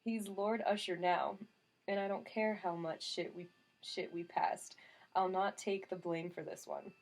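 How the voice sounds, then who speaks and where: A woman reading an audiobook voices a gruff older male soldier who scolds bluntly in a heavy regional brogue. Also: on the low side, fairly even intonation, normal speed, a little mellow. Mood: stubborn. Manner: thick regional brogue, laid on heavily.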